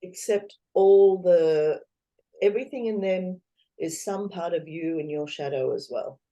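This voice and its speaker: A female interview guest with a lowish voice speaks at a measured pace in a casual conversation. She's animated, laughs often, and acts out the voices of people she quotes.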